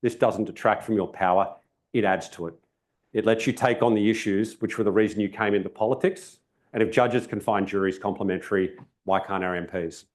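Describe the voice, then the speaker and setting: A man's voice: on the low side, steady tone, brisk. A man with an Australian accent giving a conversational, emphatic public talk as keynote speaker at an event. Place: event venue.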